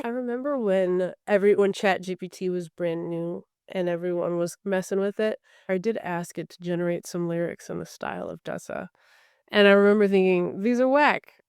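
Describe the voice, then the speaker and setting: Articulate woman, smooth and close. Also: fairly low pitch, no room sound. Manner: thoughtful, articulate, laughs easily. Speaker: guest, recording artist. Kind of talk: podcast interview conversation.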